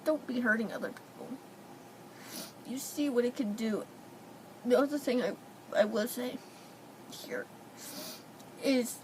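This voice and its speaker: A woman's voice: a little high, slow pace, pauses often, slight background noise, poor audio. A young woman vlogging at home, crying and sniffling as she talks in a tearful, pleading way. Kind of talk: emotional personal vlog. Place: indoors at home.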